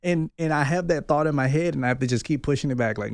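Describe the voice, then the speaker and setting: A man in his thirties, heard as a guest in a candid, personal conversation. He talks openly and reflectively, working out his thoughts aloud at a middle pitch. The sound is dry and close, with no room around it. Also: steady tone, quick pace, hardly any pauses, a little mellow, no room sound. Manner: open, reflective, thinks aloud. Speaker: podcast guest.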